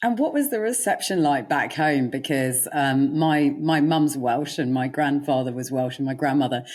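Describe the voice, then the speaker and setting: A woman with a low, husky voice conducts an interview. She asks long, meandering questions, circling back and restarting as she goes. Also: normal speed, a little mellow. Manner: chatty, rambling questions with restarts. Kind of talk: conversational interview.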